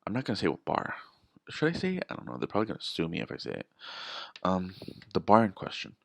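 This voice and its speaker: Low gravelly man rambling on camera. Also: wildly swooping pitch, fast. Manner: rambling, restarts, emphatic rhetorical questions. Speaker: vlogger. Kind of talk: casual storytelling monologue.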